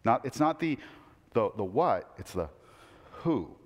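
A man delivers a conversational sermon to a church class, speaking casually with wry asides and frequent restarts. His voice sits at a middle pitch. It rings with the long reverb of a church hall. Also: very animated, measured pace. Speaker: preacher teaching a Bible class.

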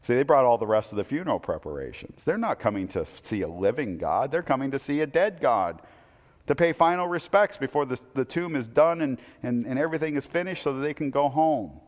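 A man preaching a sermon, telling the story with animated, acted-out quotes. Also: mid-range voice, brisk, long reverb tail. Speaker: pastor.

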